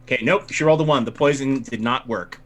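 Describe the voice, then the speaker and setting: A man running a tabletop game as game master, narrating the action and slipping into quick voices for the crowd. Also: mid-range voice, a little hiss or hum. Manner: animated, acts out crowd voices. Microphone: home mic on a livestream.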